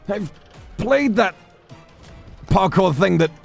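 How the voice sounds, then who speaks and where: A male streamer giving animated gameplay commentary, swearing and yelling at the game. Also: high-pitched, takes it slowly, vocal fry, soft background music.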